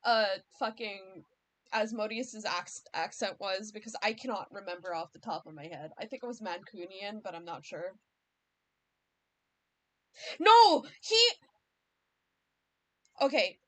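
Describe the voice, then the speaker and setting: A woman's voice: medium pitch, moderate pace, fairly bright tone, no echo. An American woman chatting casually on a livestream, thinking aloud and circling back to rephrase as she explains. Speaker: streamer and series creator.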